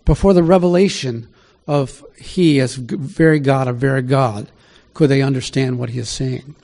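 A man's voice: mid-range voice, steady tone, moderate pace, dark tone. A man preaching a conversational sermon, reading scripture aloud and asking his listeners questions along the way. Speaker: pastor. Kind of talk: sermon Bible teaching.

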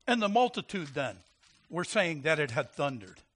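A male pastor preaching with a high, bright voice that leaps up and down in pitch. He is animated and laughs easily, and he keeps turning to the congregation with questions. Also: moderate pace. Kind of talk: sermon.

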